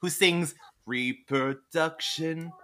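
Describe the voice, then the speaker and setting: A man co-hosting a podcast, talking in an animated, giggly way with campy enthusiasm. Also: on the high side, slow pace. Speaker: podcast co-host. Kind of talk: casual chat.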